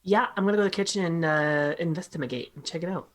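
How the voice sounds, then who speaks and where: A woman's voice: lowish voice, quick pace. A laid-back, giggly woman playing a tabletop role-playing game with friends. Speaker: player. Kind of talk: tabletop role-play chat.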